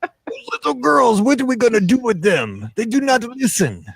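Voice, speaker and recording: A man voicing a fussy male crab, with a sing-song, exaggerated Caribbean accent in a high, slow voice. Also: very animated, gravelly, a bit bright, husky, no room sound, heavily acted. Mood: exasperated.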